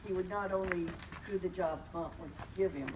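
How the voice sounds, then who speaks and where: A woman's voice: lowish voice, normal speed. An older woman sharing plain recollections at a memorial and making a short announcement. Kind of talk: eulogy at a memorial. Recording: distant mic, noisy room.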